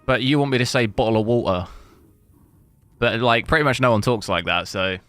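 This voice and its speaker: A man's voice: mid-range voice, expressive, fast talker, fairly bright tone, faint music behind. A man giving chatty, rambling commentary while playing a game. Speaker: gaming streamer. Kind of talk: casual gameplay commentary.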